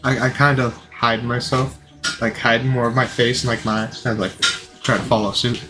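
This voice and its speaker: A man's voice: medium pitch, level tone, normal speed. A man playing a tabletop game, chatting in a laid-back, joking way. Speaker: player. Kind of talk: casual tabletop game chat. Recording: clear music in background.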